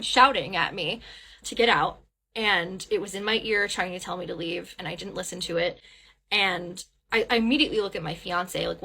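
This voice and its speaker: A woman casually telling a first-person ghost story, rambling with restarts and fillers and acting out quoted dialogue, swearing at the scary parts. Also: medium pitch. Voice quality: animated retelling with quoted dialogue. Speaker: guest storyteller.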